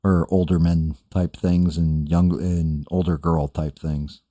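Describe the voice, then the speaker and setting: Low, dark-voiced older man ranting casually. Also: little pitch movement, takes it slowly, no echo, clean studio sound. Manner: profane, rambling, self-deprecating. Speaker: streamer host. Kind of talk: casual chat reading live chat.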